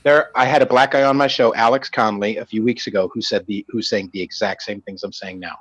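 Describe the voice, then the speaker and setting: A man's voice: lowish voice, steady tone, a little fast, highs cut off. A man from the Bay Area, a musician and podcast guest, arguing his side bluntly with a lot of swearing. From San Francisco Bay Area, US. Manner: profane, blunt and emphatic. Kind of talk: heated debate.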